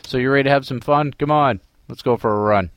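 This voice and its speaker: A man's voice: mid-range voice, fast, fairly bright tone, a little hiss or hum. A man with a Boston accent hosting a running podcast, jokey and upbeat in his intro. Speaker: podcast host.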